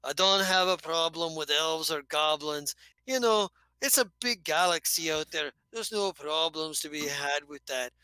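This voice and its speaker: A game master voicing a friendly, rough-mannered male dwarf mechanic in a tabletop game, folksy and hearty, calling people lass. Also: mid-range voice, measured pace, sharp tone, no echo, poor audio. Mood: chummy. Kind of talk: tabletop game role-play.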